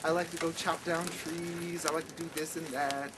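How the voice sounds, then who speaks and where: A man's voice: a little high, flat delivery, moderate pace, close to an everyday voice. A man voicing a young waitress on a date in a breezy, offhand way. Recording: noisy outdoor recording.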